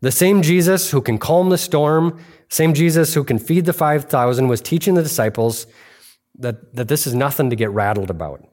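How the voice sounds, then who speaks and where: This middle-aged American man, a pastor, preaches a sermon in an earnest, conversational way, often restarting and repeating phrases for emphasis. His voice is fairly high and darkish in tone, at a normal speed.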